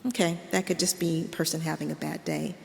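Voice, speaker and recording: A woman professor lectures to an audience in a large hall, and her voice has a gravelly fry. She tells a scene in the second person, with long reverb trailing her words. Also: on the low side, fairly even intonation, brisk. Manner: vivid second-person storytelling. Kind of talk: public lecture.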